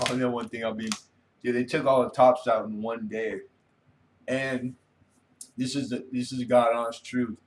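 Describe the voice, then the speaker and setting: A man hosting a casual late-night livestream, rambling easily and reading viewer comments aloud. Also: mid-range voice. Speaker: livestream host.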